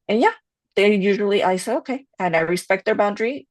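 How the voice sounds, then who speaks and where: A woman's voice: medium pitch, brisk, dry recording. A woman co-hosting a podcast, telling stories candidly and slipping in Spanish phrases. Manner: chatty, with many "you know" fillers. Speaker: podcast co-host. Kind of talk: casual podcast chat.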